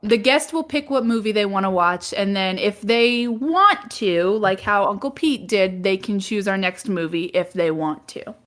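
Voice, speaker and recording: A woman's voice: mid-range voice, normal speed, hardly any pauses, fairly bright tone. A woman co-hosting a movie podcast, chatting casually, often groaning and laughing. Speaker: podcast co-host.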